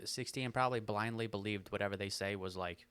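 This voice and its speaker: A man's voice: fairly low pitch, brisk, fairly bright tone, clean tone, no room sound. A young American man co-hosting a podcast in easygoing casual chat, swearing now and then. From United States. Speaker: podcast co-host.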